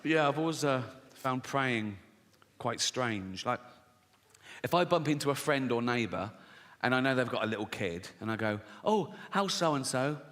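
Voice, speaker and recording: A man's voice: mid-range voice, moderate pace, fairly bright tone. A middle-aged man doing a stand-up comedy set, sardonic and sweary, laughing at his own jokes. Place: large theatre stage. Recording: live hall reverb, faint noise.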